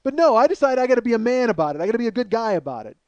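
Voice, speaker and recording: A man's voice: very high voice, sing-song, rapid-fire, no room sound, lo-fi sound. A man telling a long comic story, rambling, self-mocking and cursing freely. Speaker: comedian.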